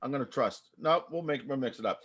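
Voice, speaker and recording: A man's voice: medium pitch, fast talker, a bit bright, slightly rough. A man hosting an improv comedy show over a video call, chatty and rambling. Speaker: improv host. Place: home via video call.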